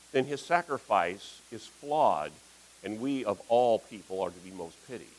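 Middle-aged guy preaching, animated, acts out quotes in his stories. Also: medium pitch, rough recording. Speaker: pastor. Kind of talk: sermon.

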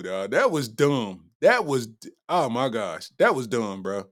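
Man, comedy podcast host, lively swinging pitch, slangy and incredulous, laughs a lot. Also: unhurried, faint music behind. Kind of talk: casual comedic commentary reading chat.

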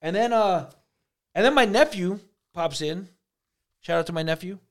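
A man's voice: high voice, expressive, normal speed. A man co-hosting a podcast, telling a dream story in casual, profane chat. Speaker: podcast co-host.

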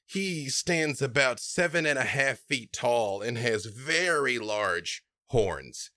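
An expressive male game master narrates a tabletop game at an unhurried pace. His voice is bright, and his pitch moves up and down a lot. He sits on the lower side of the male range. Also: no room sound, clean studio sound.

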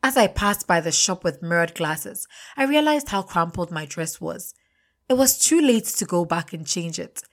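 Young woman, first-person storyteller, expressive and confiding, lowish voice. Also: normal speed.

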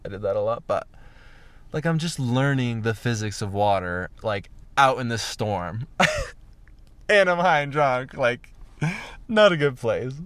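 A man's voice: mid-range voice, unhurried, no echo. Young guy rambling thru a story, swears a lot, dry close sound. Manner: profane, animated storytelling with lots of "like". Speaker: vlogger. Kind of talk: casual storytelling.

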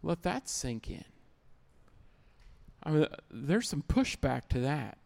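A man's voice: fairly high pitch, big pitch swings, slow pace, vocal fry, a little mellow. A man preaching a sermon as pastor, emphatic, repeating key lines and acting out little everyday scenes.

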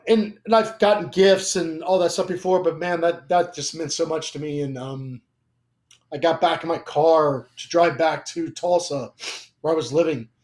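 A man's voice: fairly high pitch, darkish tone. A young man sharing a personal faith testimony in casual conversation, emotional and rambling, with frequent fillers and restarts. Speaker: guest.

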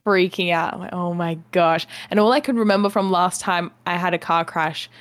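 A woman's voice: fairly low pitch, fairly quick, dry recording. Chatty young woman co-hosting a podcast. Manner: chatty storyteller, laughs often, acts out her own reactions. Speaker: podcast co-host. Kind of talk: casual chat.

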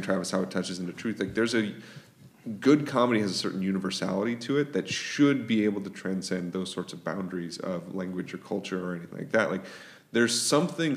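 Man musing aloud in a roomy room. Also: low voice. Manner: thinks aloud with restarts, ends points with "right?". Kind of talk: casual chat.

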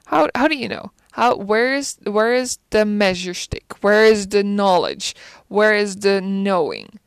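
A woman talks through her thoughts in a relaxed, rambling way, pausing to hunt for words and posing questions aloud. Her voice is smooth and clear, and the recording is close and dry. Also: mid-range voice, dry recording. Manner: thinks aloud, searching for words and restarting; reflective, asks rhetorical questions. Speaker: film commentator. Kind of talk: casual musing chat.

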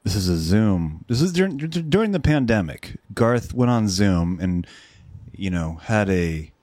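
Sex: man. Role: co-host. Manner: joking, swearing, laughing. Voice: lively pitch, dry sound. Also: a little slow, no room sound. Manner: animated, swearing, laughing, jokey. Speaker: podcast co-host. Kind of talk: casual reaction chat.

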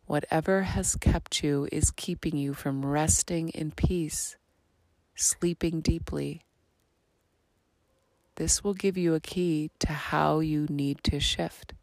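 A woman's voice: sits low, a little mellow, no echo. A woman hosting her own podcast, talking earnestly and reflectively about purpose, slipping into whispered phrases now and then. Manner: earnest, slow and spiritual, with dropped whispery phrases. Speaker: podcast host. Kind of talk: reflective solo podcast monologue.

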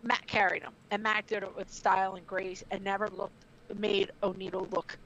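A woman's voice: mid-range voice, flat delivery, normal speed, fairly bright tone. Brash, profane middle-aged woman. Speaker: guest, former wrestler and trainer. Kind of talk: casual interview storytelling. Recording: dull lo-fi audio.

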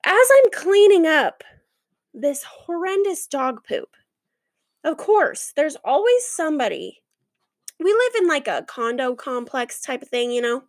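A young adult woman hosting a podcast, chatting and ranting in a lively, animated way. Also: sits high, measured pace, no room sound. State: out of breath. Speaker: podcast host. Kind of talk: casual chat.

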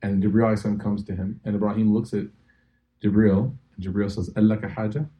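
A man giving a lively religious lecture to a live audience, telling stories with acted-out quotes and jokey asides. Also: on the low side, fast, muffled recording. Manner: animated storytelling, acting out quotes, jokey asides. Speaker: imam lecturer.

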